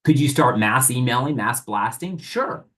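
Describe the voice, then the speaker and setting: A man's voice: mid-range voice, lively intonation, normal speed, a bit bright. A man teaching an online sales training, speaking energetically straight to his audience and often asking rhetorical questions. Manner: asks rhetorical questions and plays both sides.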